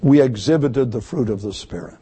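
A man preaching a sermon to his congregation, emphatic, repeating key words and slowing down to stress them. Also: medium pitch, dark tone, slightly rough. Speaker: pastor.

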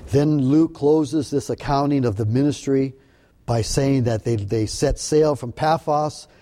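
A man delivering a Bible-study sermon, explaining the text in an earnest, searching way. His voice is mellow and warm, at an ordinary middle pitch. He often stumbles and repeats words before pressing on. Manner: earnest, halting with repeated restarts. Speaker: preacher. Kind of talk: sermon-style Bible teaching.

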